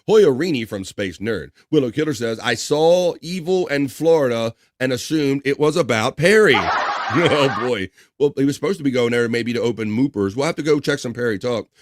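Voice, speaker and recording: A man's voice: mid-range voice, animated, moderate pace. A man hosting a casual live stream, reading viewer comments aloud, joking and laughing often. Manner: chatty, laughs often, reads chat names aloud. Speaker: livestream talk show host.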